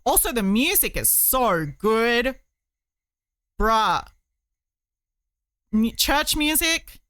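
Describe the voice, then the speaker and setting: A woman's voice: fairly high pitch, big pitch swings, extremely slow, a bit bright, no room sound, clean studio sound. A woman streamer chatting casually while she crochets, rambling with many fillers.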